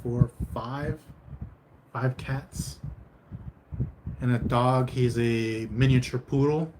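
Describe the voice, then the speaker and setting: A man unhurriedly chats with his livestream viewers from home, drifting between topics and answering their comments with easygoing, low-key humor. He talks at a slow, unhurried pace. Steady noise hisses under the voice throughout. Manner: laid-back, meandering, answers chat with mild humor. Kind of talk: casual livestream chat.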